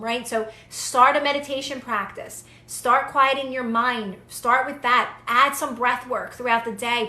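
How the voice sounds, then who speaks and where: A woman's voice: fairly high pitch, sharp tone, roomy sound. A young woman giving casual, earnest manifestation advice to viewers on a live stream, repeating phrases for emphasis.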